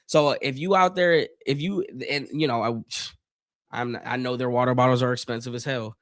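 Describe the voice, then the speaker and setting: A man from Northeast Ohio hosting a live stream, calling football plays and chatting casually in slangy talk, his voice a little worn and clearing his throat often. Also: medium pitch, steady tone, normal speed, dry recording, studio quality. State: losing his voice a bit. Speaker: livestream host doing play-by-play. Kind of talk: casual live play-by-play and chat.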